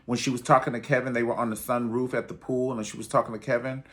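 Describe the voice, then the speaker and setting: A man's voice: mid-range voice, flat delivery, fast. A man reviewing a reality show in a sassy, theatrical way, calling everyone honey. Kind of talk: casual commentary video.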